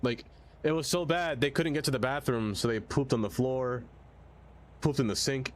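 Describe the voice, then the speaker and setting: A man's voice: medium pitch, normal speed. A man streaming a city-building game, rambling casually to his viewers and getting sidetracked by chat. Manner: rambling, chatty, easily sidetracked.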